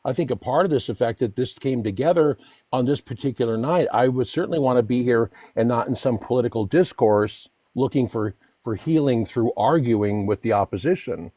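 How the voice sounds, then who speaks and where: A man's voice: mid-range voice, a little fast, dark tone, no echo. Rambling man telling stories, dry sound. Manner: rambling, laughs through stories, restarts. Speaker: guest. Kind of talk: casual storytelling.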